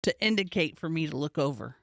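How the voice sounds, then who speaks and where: A woman's voice: low-pitched, fast, creaky, no echo, clean studio sound. A woman comedian co-hosting a casual podcast, telling a story with energy and acting out the people in it. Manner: animated storytelling, acts out the people she talks about.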